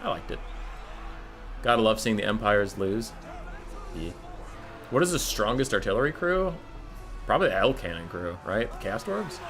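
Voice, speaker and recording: A man's voice: lowish voice, moderate pace, long pauses, over music. An American man from Minnesota giving joking, casual commentary on a strategy game tournament. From Minnesota, USA. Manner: joking, animated.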